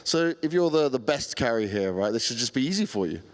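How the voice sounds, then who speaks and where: A man's voice: mid-range voice, very animated, fairly quick. A man interviewing players at an esports event, teasing and upbeat.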